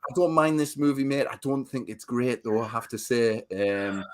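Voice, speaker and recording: A man's voice: mid-range voice, moderate pace. A man co-hosting a casual podcast, who rambles, repeats words and keeps saying "mate.". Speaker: podcast co-host. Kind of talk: casual chat.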